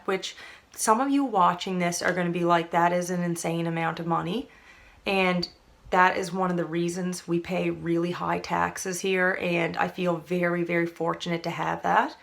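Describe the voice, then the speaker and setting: A woman's voice: on the low side, vocal fry, a bit bright. A young woman from Canada, chatting to camera in a rambling, casual way full of fillers. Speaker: vlogger.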